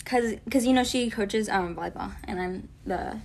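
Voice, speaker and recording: A woman playing a chatty former high-school volleyball girl who speaks in a breezy, gossipy valley-girl way, full of "like". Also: moderate pace, vocal fry, a little mellow. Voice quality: valley-girl drawl, lots of "like". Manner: breezy, gossipy, falsely friendly. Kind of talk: comedy impression sketch.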